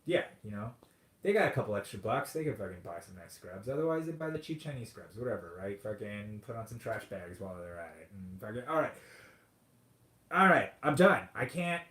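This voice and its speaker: A man hosting a podcast, ranting in a comedic monologue, profane and sarcastic, dropping to mutters and then bursting out loud. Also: fairly low pitch, very animated, a little fast. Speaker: podcast host. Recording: roomy echo.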